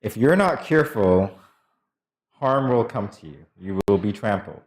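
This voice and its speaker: A man's voice: on the low side, animated, a little slow, roomy sound. A man co-hosting a morning talk show, chatting casually and teasing with frequent laughter. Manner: playful and teasing, laughs often while explaining. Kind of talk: casual studio banter. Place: TV studio.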